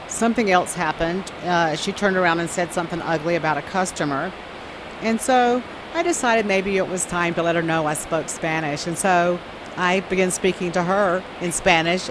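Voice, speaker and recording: A woman from the American South with a Southern accent, telling work stories in a casual, amused way. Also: fairly low pitch. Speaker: flight attendant guest. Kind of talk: casual storytelling. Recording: hissy noisy recording.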